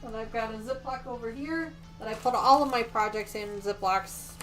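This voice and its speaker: A woman with a fairly high voice hosts a casual quilting livestream. She chats and gushes as she shows her work and answers viewer comments. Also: moderate pace, soft background music. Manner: gushing and chatty, reads viewer comments aloud. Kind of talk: casual livestream chat while sewing.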